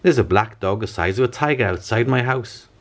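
A man voicing a flustered father of a family, exclaiming in a raised, excited voice for a storybook reading. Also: medium pitch, fairly quick, voice pushed up, lightly acted. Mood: alarmed.

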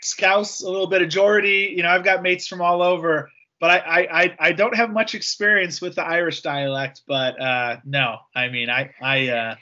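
A man's voice: high-pitched, flat delivery, moderate pace, few pauses, pushed and bright, muffled recording. An American man chatting as a guest on a video call, upbeat and enthusiastic. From USA. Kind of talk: casual video call chat.

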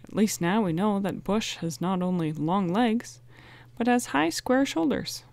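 A woman reading aloud, voicing a quick, teasing teenage boy detective. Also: medium pitch, vocal fry, no room sound. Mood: playful. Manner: lively and teasing.

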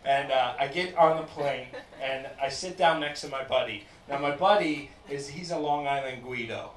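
A man's voice: mid-range voice, moderate pace. A young man performing a stand-up comedy set, telling a story and acting out the people in it. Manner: animated storytelling, acts out characters. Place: comedy club. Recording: echoey club, distant mic, loud crowd laughter.

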